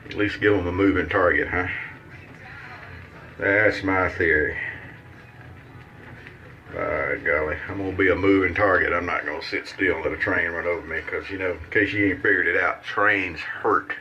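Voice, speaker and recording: Southern-accented man, low-pitched, folksy joking shave talk, dull recording. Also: fairly even intonation, normal speed, pauses often, bright, forceful tone, slight background noise. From Mississippi, US. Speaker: shaving vlogger. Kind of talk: casual shaving demonstration.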